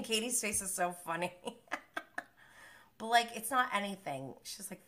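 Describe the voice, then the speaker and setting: A woman's voice: medium pitch, animated, measured pace, long pauses, bright, forceful tone. A young woman live-streaming a reality show recap in a casual, blunt manner, swearing freely.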